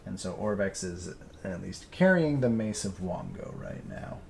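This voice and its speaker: A man narrating as game master of a tabletop game, halting with frequent fillers. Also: sits low, huge pitch swings, gravelly, slight background noise.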